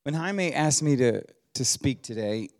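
A man's voice: mid-range voice, animated, a little slow. A middle-aged man preaching a sermon in a church as a guest preacher, folksy and humorous, rising to emphatic exhortation. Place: church sanctuary.

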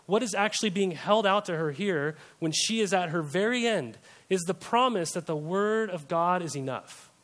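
A young man delivers a church sermon in a conversational way, checking in with his listeners through rhetorical questions. His voice sits on the higher side for a man. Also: lively intonation, normal speed, few pauses, fairly bright tone. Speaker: pastor. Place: church service.

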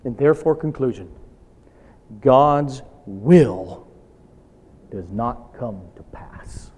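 A man preaching a sermon, asking rhetorical questions and swinging between loud emphatic bursts and hushed asides. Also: mid-range voice, lively intonation, slow pace, long pauses, husky. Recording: long hall reverb.

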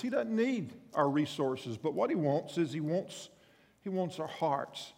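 A man's voice: on the high side, sing-song, measured pace, vocal fry, a little mellow, in a large hall. A male pastor preaching a sermon, telling stories in a folksy way with frequent restarts and repeated words.

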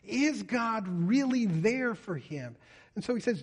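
A man's voice: high voice, lively intonation, takes it slowly, husky. A man preaching a sermon in an earnest way, often voicing a psalmist's pleas in prayer. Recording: reverberant hall.

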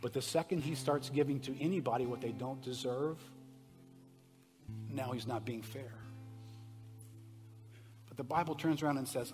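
A man preaching a sermon to a congregation, moving from conversational asides to loud, impassioned passages and asking the room direct questions. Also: medium pitch, normal speed, pauses often. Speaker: pastor. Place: church sanctuary. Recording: preached in a reverberant hall, soft guitar behind.

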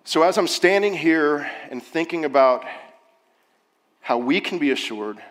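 A man's voice: fairly high pitch, expressive, measured pace. A male pastor preaching a sermon, earnest and building to urgent emphasis. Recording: long hall reverb.

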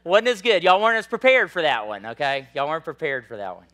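A man preaching a sermon in a conversational style, swinging from loud, high bursts to soft, low asides. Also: fast talker. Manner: animated, rises high and loud then drops soft; conversational, frequent "like" and "right?". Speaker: pastor.

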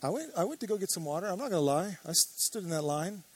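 A man's voice: high-pitched, animated, fast, husky. A man preaching a sermon as pastor, earnest and building to emphatic declarations.

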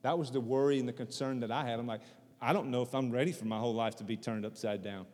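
A man's voice: medium pitch, steady tone, fast, a little mellow, long reverb tail. A man preaching a sermon in a conversational way, repeating phrases for emphasis. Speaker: pastor.

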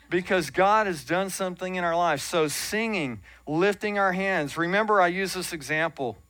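A pastor delivers a sermon in a church, his voice pitched a little high for a man. He talks in an earnest, conversational way and drops in self-deprecating asides. The sound is close and dry. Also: normal speed, hardly any pauses, fairly bright tone, dry recording. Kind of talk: sermon teaching. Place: church sanctuary.

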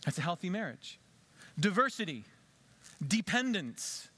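A man preaching in a church with a slightly high voice, talking to the congregation in an easy, conversational way. He drops to soft, low tones to stress a point. It sounds like a pastor giving a sermon. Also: sing-song, measured pace, slightly rough. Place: church sanctuary.

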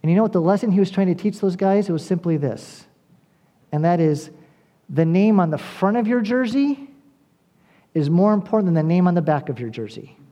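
An earnest preacher delivering a sermon in a mellow, warm-toned voice. The delivery speaks straight to the listeners and builds to emphatic appeals through repetition. Pitch sits in a middle register. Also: animated, fairly quick. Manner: addresses listeners directly. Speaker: pastor.

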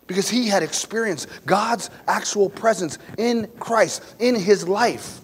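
Impassioned preacher in an echoing hall. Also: male voice, high-pitched, expressive, a little slow. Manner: impassioned, emphatic, swings from loud to hushed. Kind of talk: sermon. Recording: long hall reverb, faint noise.

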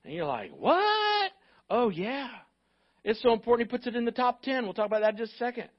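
A male pastor delivers a sermon in a high voice, full of jokes, and acts out the excuses people give. The recording sounds dull and lo-fi. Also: rapid-fire. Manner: animated, joking, acts out quoted excuses.

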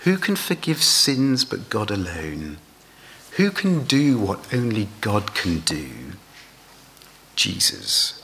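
A man's voice: on the low side, sing-song, slow pace, a bit bright, a little hiss or hum. A man preaching a sermon, asking his listeners rhetorical questions.

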